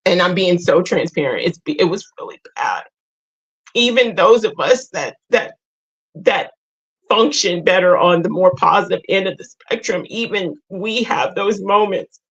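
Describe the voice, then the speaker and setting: A woman hosting a live group talk, sharing her own story in a halting, emotional way and often repeating or restarting her words. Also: on the low side, slightly rough, dull audio. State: tearful at times. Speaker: host.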